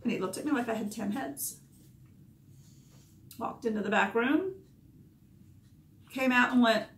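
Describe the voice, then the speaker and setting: A woman's voice: on the high side, expressive, measured pace, creaky, long pauses, bright, forceful tone. A woman, a dog groomer candidly recounting past events in short, emotional bursts. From Georgia, USA. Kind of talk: personal storytelling. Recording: echoey room.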